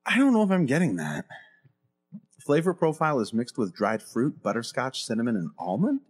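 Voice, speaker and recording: A man hosting a casual coffee review show, chatting and teasing his co-host in a relaxed way. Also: mid-range voice, moderate pace, breathy edge. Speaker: podcast host. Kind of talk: casual chat.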